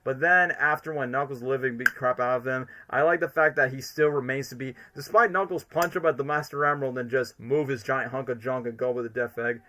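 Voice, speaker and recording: An enthusiastic male streamer giving casual fan commentary in a bright voice. He rambles along, leaning heavily on filler words. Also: medium pitch, fairly even intonation, a little fast, few pauses. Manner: enthusiastic, rambling, fills every sentence with "literally" and "like".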